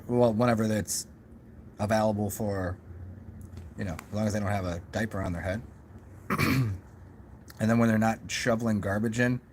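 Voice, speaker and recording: A man's voice: fairly low pitch, a little hiss or hum. Rambling man musing to camera. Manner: rambling, musing, many restarts and asides. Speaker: vlogger. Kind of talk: casual rambling monologue.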